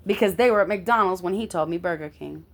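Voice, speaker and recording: A woman's voice: fairly low pitch, quick pace. This woman speaks with force and indignation as she tells a story from her own life in casual talk. She swears now and then and keeps checking that the listener follows her. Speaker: vlogger telling a personal story.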